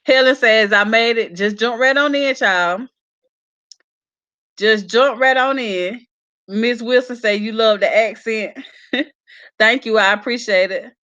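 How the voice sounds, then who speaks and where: A woman's voice: on the high side, slow, pauses often, sharp tone, highs cut off. A woman, chatting casually on a live stream as she reads viewers' comments aloud and laughs along with them. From South Carolina. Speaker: YouTube gossip vlogger reading live comments.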